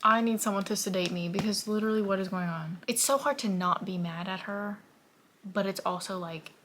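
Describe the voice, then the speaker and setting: A woman's voice: medium pitch, brisk, a bit bright, a little hiss or hum. A young woman talking through her reading in a casual vlog, emotional and often dropping to a whisper. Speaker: book vlogger.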